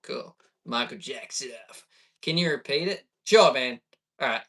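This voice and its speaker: A man talking loosely on a live stream, his voice of middling pitch. He rambles, answers chat and laughs easily. He sits a little away from the mic, so the sound is thin and distant. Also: expressive, unhurried, pushed and bright. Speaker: livestreamer.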